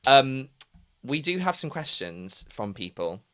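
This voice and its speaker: A man hosting a casual live chat, giggly and animated. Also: mid-range voice, a little slow. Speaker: streamer host.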